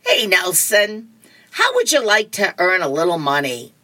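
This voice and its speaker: A woman's voice: lowish voice, huge pitch swings, a little slow, bright, forceful tone, exaggerated voice. A woman reading comics aloud, voicing an older grandfather hiring his grandson. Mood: coaxing. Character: older grandfather offering pay for weeding.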